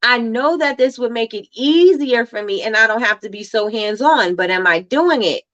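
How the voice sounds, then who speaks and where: A woman's voice: on the high side, animated, normal speed, a bit bright, muffled recording. A woman hosting a motivational livestream, talking emphatically, repeating phrases for effect and reading viewer comments aloud. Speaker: livestream host.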